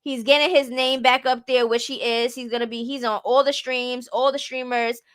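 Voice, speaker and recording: A woman streamer gives casual reaction commentary in a high, bright voice. She talks bluntly and chattily and keeps checking that the listener follows her. Her close mic sounds dry, with no room to it. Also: fairly even intonation, normal speed, no room sound. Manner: blunt, chatty, keeps asking "you get what I'm saying".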